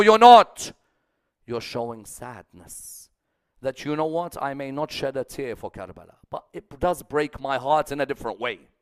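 Emphatic preacher, a man with a lively voice. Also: medium pitch, no echo, studio quality. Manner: emphatic, rising to loud peaks then dropping soft; repeats phrases rhythmically, asks the audience questions. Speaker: speaker at a religious gathering. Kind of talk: sermon.

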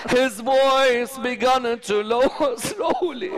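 A man's voice: very high-pitched, slow, a crowd in the background. A man preaching with fervent storytelling, drawn out and emotional, calling out exclamations.

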